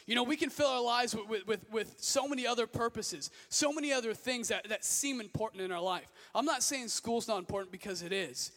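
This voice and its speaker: A young man preaches an energetic youth sermon, often shouting as he urges his listeners on. His voice sits fairly high, and a long reverb hangs in the hall around every phrase. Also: brisk, hardly any pauses. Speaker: youth pastor. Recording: echoey hall.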